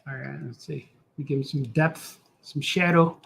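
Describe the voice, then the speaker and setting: A husky-voiced male cartoonist rambles casually while drawing on stream, goofing around, talking to himself and doing silly voices. His voice is a little high and a little fast.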